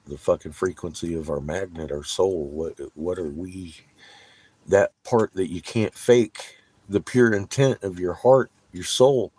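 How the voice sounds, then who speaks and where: A man telling a rambling story in a casual, profane monologue, laughing between bursts of excitement. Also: low voice, husky, no room sound. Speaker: vlogger.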